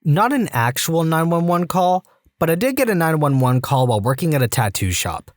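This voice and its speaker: A man reading reddit stories aloud in an even, steady voice. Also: fairly high pitch, a little fast, no echo, clean studio sound. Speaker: reddit story narrator.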